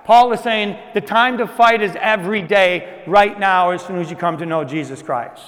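A man preaching a sermon to a congregation in a conversational style, moving between loud emphasis and hushed asides. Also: sits high, normal speed, big-room sound. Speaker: pastor.

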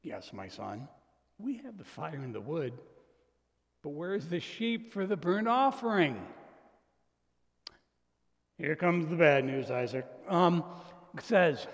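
A pastor preaches in a church hall, his voice a touch high and gravelly. He talks conversationally, breaking into asides and acting out quoted lines for emphasis. The hall adds a long, lingering reverb. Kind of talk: sermon.

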